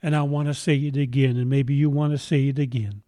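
A man preaching a sermon, telling a story gently and slowing down to stress lines of scripture. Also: medium pitch, flat delivery, no room sound, studio quality. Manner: slow deliberate emphasis on scripture, gentle storytelling. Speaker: pastor.

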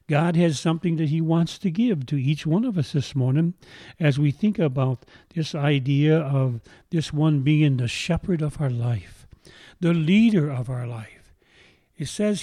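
A man preaching a sermon, telling a story gently and slowing down to stress lines of scripture. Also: on the high side, no echo, studio quality. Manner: slow deliberate emphasis on scripture, gentle storytelling. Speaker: pastor.

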